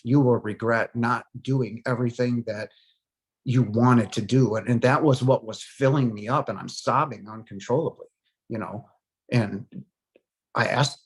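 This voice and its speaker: A man in his forties giving a personal testimony, earnest and halting, with frequent pauses and fillers, his voice softening into hushed moments. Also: medium pitch. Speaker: near-death experience survivor.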